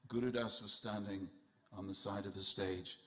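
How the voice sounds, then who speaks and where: A man's voice: lowish voice, fairly even intonation, normal speed, a bit bright. A man giving a festival sermon in a temple hall, telling humorous stories and speaking straight to his audience. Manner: humorous storytelling, addresses the audience directly.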